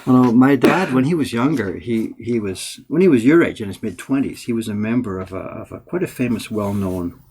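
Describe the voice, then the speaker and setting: A man from Yorkshire who now speaks with a Canadian accent, hosting a casual livestream and telling lively anecdotes. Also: medium pitch, a little fast, few pauses, noisy background. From England, Yorkshire. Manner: animated storyteller, acts out voices in anecdotes. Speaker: printmaker streaming host.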